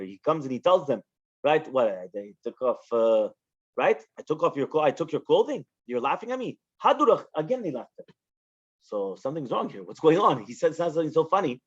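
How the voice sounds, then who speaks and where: A man with a slightly high voice teaches a Talmud page in lively English full of Hebrew and Aramaic terms. He keeps asking rhetorical questions to keep the class with him. The recording is dull and lo-fi. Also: breathy edge. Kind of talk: daf yomi Talmud lesson.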